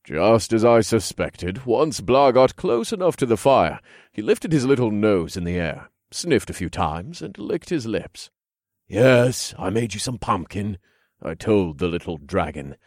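A man narrating a first-person fantasy audiobook in a calm, even storytelling manner, close to a studio mic. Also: on the low side, unhurried, dry recording.

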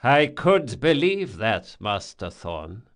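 A man voicing a cultured male captor who speaks in a smooth, slow and measured way. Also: medium pitch, very animated, a bit bright. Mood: calm, menacing. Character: cultured mysterious male captor, calm and deliberate.

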